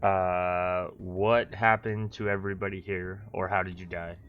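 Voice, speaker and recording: A man playing a tabletop game who speaks haltingly, with many fillers, while he checks the rules. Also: low-pitched, level tone, clean tone, phone-quality sound, faint music behind. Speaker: player. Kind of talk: casual tabletop game play.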